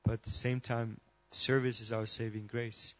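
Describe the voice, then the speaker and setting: A man's voice: mid-range voice, normal speed, dry recording. A man in the audience asking a long question at a temple class, listing points one after another. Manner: listing points in a steady, even tone. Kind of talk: question from the floor.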